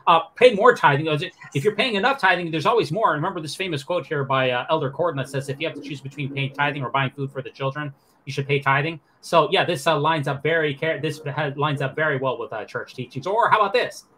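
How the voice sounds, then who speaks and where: Fast-talking sarcastic male podcast host. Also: fairly high pitch, sharp tone. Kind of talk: sarcastic news commentary chat.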